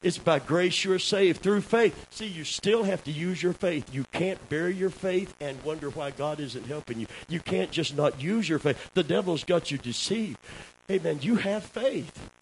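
A man preaching a sermon, dropping low for asides and rising to loud shouts while calling for amens. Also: normal speed, rough recording. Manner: calls for amens from the congregation. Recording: faint hiss.

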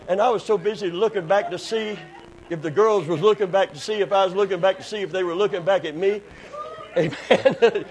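A man's voice: fairly high pitch, low-quality recording. A man preaching a sermon at a church service, telling folksy stories and building to emphatic preaching.

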